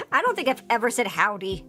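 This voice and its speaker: Her voice pitched fairly high, pushed and bright, this VTuber streamer with a Philadelphia accent rambles through casual chat while building a model kit. Fillers and restarts abound, and faint music sits in the background.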